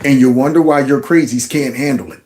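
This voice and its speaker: A man's voice: medium pitch, fairly quick, a little mellow. A middle-aged man, ranting and mocking as he comments on political clips. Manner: heated, mocking, mimics voices.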